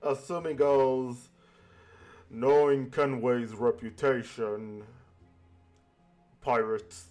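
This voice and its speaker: Slow-talking male game master. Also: medium pitch, flat delivery, darkish tone, faint music behind. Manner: slow, halting narration. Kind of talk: narrating a tabletop game.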